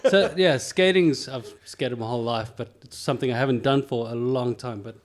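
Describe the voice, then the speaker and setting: A man guests on a podcast as a musician. He speaks at an ordinary mid pitch, easygoing and self-deprecating. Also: brisk. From South Africa. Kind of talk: casual interview chat.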